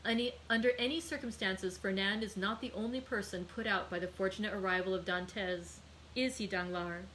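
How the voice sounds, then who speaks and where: A woman's voice: medium pitch, fairly even intonation, fairly quick, fairly bright tone, a little hiss or hum, natural voice, rough recording. A woman reading aloud and voicing a jovial, half-drunk man who teases his friend in a raised, mocking voice. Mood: teasing.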